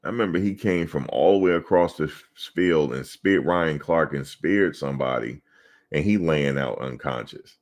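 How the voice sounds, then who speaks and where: A man with a very deep voice speaks at normal speed. He's a podcast co-host swapping loose, profane football stories with laughter in casual sports chat.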